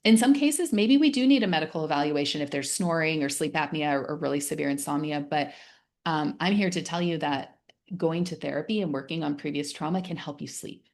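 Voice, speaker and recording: Soft-spoken woman leading a wellness class. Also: low-pitched, a little fast. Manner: soothing, conversational, with lively acted asides. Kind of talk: gentle wellness class talk.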